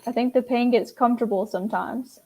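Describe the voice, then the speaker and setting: A woman's voice: on the high side, brisk, a little mellow. A woman speaking candidly and with self-deprecation in a casual faith-based conversation.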